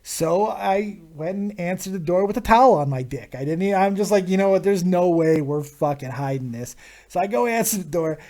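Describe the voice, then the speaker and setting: A man hosting a live stream, telling a crude story in a casual, animated way with constant swearing. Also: sits high, normal speed. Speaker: host of a live viewer Q&A stream.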